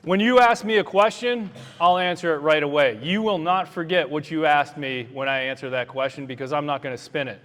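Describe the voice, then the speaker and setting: A man's voice: on the high side, steady tone, a little fast, hardly any pauses, fairly bright tone. A man, a doctor running for office, giving an earnest, plainspoken campaign speech to a crowd in a meeting hall. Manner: earnest, plainspoken, fiery at times. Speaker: doctor and political candidate. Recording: long hall reverb.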